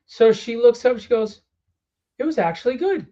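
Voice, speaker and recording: A man casually telling animated stories about his comic book writing, acting out what others said. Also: very high-pitched, moderate pace. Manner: animated storyteller acting out quotes. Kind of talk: casual storytelling. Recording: dull lo-fi sound.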